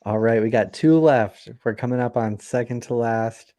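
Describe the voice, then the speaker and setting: A man's voice: medium pitch, moderate pace, mellow, no room sound. Laid-back man hosting a book stream. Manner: friendly, laughs often, filler-heavy. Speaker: livestream host. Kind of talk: casual hosting chat.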